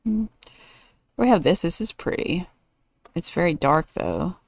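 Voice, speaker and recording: Lady chatting thru a building game, kinda gravelly low voice, dry sound. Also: sing-song, a little slow, no echo. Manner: indecisive, thinking aloud. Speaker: let's play host. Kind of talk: casual gameplay commentary.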